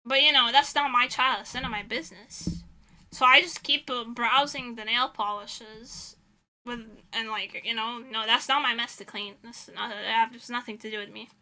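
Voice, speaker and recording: A young woman streamer does her nails while chatting casually, retelling stories dramatically and laughing a lot. Her voice is on the high side and pushed and bright, with fairly even intonation at a normal speed.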